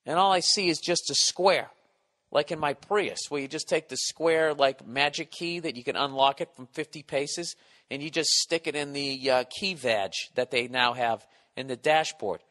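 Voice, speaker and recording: A middle-aged man rants through a comic story on his podcast, cursing freely and sounding exasperated. His voice sits somewhat high. A long reverb trails after every phrase. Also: moderate pace, pushed and bright. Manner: profane, exasperated ranting. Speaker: podcast host.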